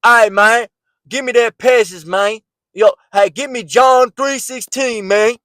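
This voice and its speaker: A man putting on a loud, mocking street-slang voice of a young man asking for a Bible verse. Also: very high voice, a little slow, no room sound, clean studio sound, pitched above the performer's own voice.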